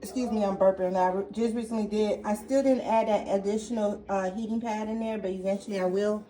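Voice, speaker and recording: A woman's voice: mid-range voice, steady tone, a little fast, dark tone. A woman records a casual gardening vlog on her phone at home. She chats loosely as she works, trailing off into fillers and restarting her sentences, in a plain everyday voice. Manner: chatty, thinks aloud with many fillers and restarts. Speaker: gardening vlogger. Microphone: phone camera.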